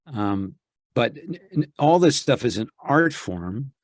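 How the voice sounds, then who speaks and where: Speaking slowly but animatedly in a mid-range voice, a male voice actor talks casually as an interview guest. Recorded studio-clean with no echo, he reflects out loud and keeps restarting his sentences.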